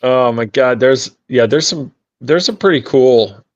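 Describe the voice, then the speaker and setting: A middle-aged man co-hosting a podcast, explaining history in halting, rambling stretches. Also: mid-range voice, dry recording, highs cut off. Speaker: podcast co-host. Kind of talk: casual podcast chat.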